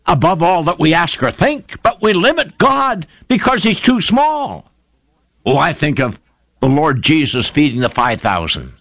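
A man's voice: fairly high pitch, a bit bright, no echo. A man preaching a sermon, retelling scripture stories with fervent, emphatic delivery. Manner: fervent, emphatic storytelling with rising exclamations.

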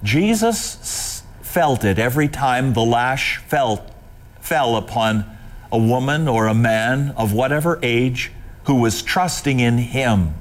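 A man preaching a sermon in a slow, impassioned manner. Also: mid-range voice, animated.

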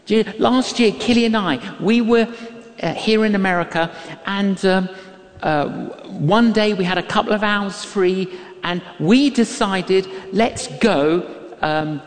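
An older man preaching a sermon, telling a story with emphatic repetition and acting out the voices he quotes. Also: high-pitched. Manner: emphatic, repeats key lines, acts out quoted voices. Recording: long hall reverb.

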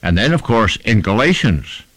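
Here a male preacher with a somewhat low voice speaks at a moderate pace, his delivery animated and full of rises and falls. He presses on important words and builds repeated phrases into rhythmic lists, all captured close-up with barely any room reverb.

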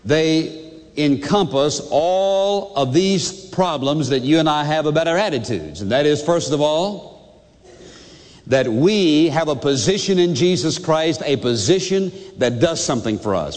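A man's voice: on the high side, big-room sound. An older man preaching a sermon as pastor, emphatic and asking his listeners questions.

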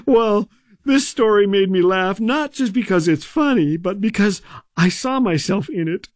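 A man hosts a humor radio program, telling jokes and comic stories in a dry, scripted way. His high voice is expressive and a little slow, on a dry recording.

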